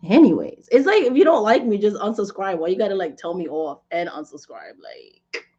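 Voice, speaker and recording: A woman in her forties chatting casually with viewers, telling animated stories and laughing often. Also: mid-range voice, brisk. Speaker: spiritual reader and channel host. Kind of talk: casual live chat with viewers. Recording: dull lo-fi livestream audio.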